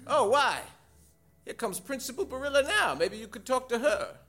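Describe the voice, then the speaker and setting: A man voicing a sarcastic, grumbling male groundskeeper in a raised, squeaky put-on voice. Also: big pitch swings, moderate pace, bright, forceful tone, heavily acted. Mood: cheerful.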